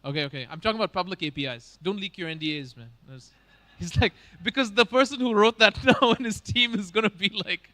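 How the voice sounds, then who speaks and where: A man's voice: high-pitched, fast, few pauses, pushed and bright. A man from Bangalore, hosting a conference with casual joking stage banter and teasing the audience. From Bangalore, India. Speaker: conference host.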